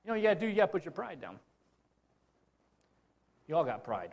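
Male pastor, sermon, chatty storyteller, slightly high voice, lots of restarts. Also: big pitch swings, fast talker, vocal fry, long pauses, darkish tone. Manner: conversational storytelling with many restarts and repetitions.

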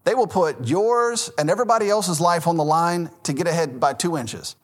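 Man, Southern accent, pastor, sermon, conversational, self-correcting, slightly high voice. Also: moderate pace. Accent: Southern American. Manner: conversational, self-correcting, laughs at his own stories.

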